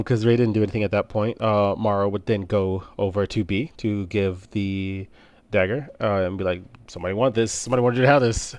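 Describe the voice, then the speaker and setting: A man narrating as game master of a streamed tabletop game, relaxed with many fillers. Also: lowish voice, no echo.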